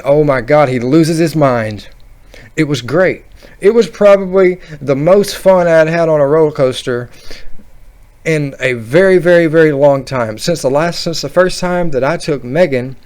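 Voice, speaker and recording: A man telling a funny roller coaster story in a casual, rambling, animated way. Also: a little high. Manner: rambling, animated, laughing at his own story. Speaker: vlogger.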